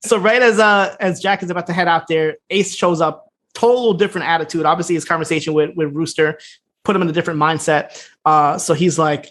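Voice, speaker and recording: Guy on a podcast racing through an episode recap, acting out the lines, laughing a lot. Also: a little high. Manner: fast, animated retelling with laughs and acted-out quotes. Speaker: podcast co-host. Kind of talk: casual chat recapping a TV episode.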